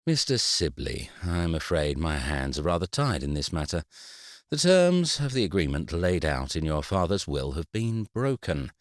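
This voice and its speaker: A man voicing a formal, unbending male solicitor who speaks in a measured, formal way. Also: low-pitched, very animated, dry recording, clean studio sound. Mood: cool.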